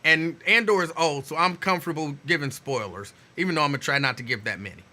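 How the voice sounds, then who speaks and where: Host: man with a piercing, sharp, fairly high voice, easy conversational delivery. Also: fast. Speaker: radio show host. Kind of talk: casual talk radio.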